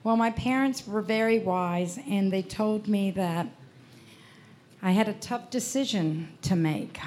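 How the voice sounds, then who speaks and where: A woman's voice: mid-range voice, measured pace, darkish tone, slight background noise. A woman in her sixties giving a heartfelt personal testimony at a Christian festival, telling her story earnestly. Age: 60s.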